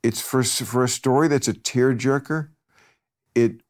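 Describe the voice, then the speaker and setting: A man's voice: mid-range voice, fairly even intonation, normal speed. A man hosting a casual chat, wry, blunt and profane, often chuckling mid-sentence. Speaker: host.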